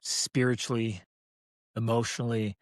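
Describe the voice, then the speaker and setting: Male podcast host, mid-pitched, dry close sound, upbeat encouraging delivery. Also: little pitch movement, a little slow, no echo. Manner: encouraging, emphatic, calls listener "brother". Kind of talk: casual conversation.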